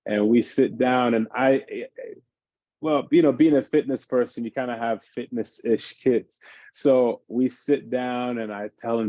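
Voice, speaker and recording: Male fitness expert, mellow tone, lively explainer, slightly lo-fi call sound. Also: medium pitch, measured pace, dry recording. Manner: animated, explains by acting out his kids' games. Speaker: fitness expert on a parenting panel. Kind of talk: casual panel discussion.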